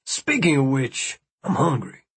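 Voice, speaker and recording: A man's voice: medium pitch, very animated, a little slow, fairly bright tone, slightly rough, full character voice. A man reading easygoing gamer Tyler. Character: young man, easygoing gamer who explains.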